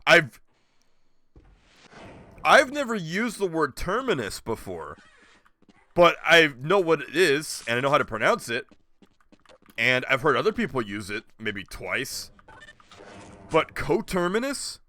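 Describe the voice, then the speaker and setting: A man's voice: on the high side, very animated, a little slow, long pauses, pushed and bright. A man streaming a video game, rambling and joking with his chat as he plays. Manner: rambling, jokey, talks to chat. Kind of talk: casual gameplay commentary.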